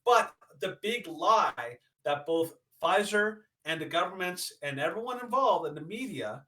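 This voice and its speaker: A man's voice: high voice, lively intonation, a little slow, pushed and bright. A man co-hosting a casual opinion podcast, rambling with many fillers and restarts. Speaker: podcast co-host.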